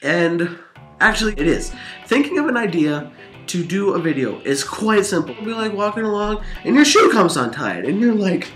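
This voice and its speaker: A man telling rambling gaming stories in a vlog, animated and laughing, his voice jumping up high in the exciting parts, tired. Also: normal speed, faint music behind. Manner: animated, laughing storytelling with big pitch swings. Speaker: vlogger.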